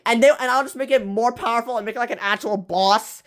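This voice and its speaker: A young channel creator in their late teens giving a casual update, rambling in rushed bursts with many restarts and self-corrections. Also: mid-range voice, a bit bright. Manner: breathless rush, trailing off with fillers. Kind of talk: casual rambling vlog talk.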